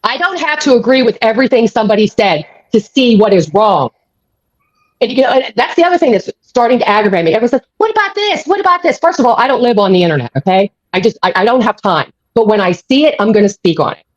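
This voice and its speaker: A woman's voice: medium pitch, lively intonation, quick pace, dry recording. Angry woman ranting on a stream. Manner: angry, profane, repeats herself. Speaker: live-stream host. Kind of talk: heated live-stream rant. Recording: dull lo-fi audio.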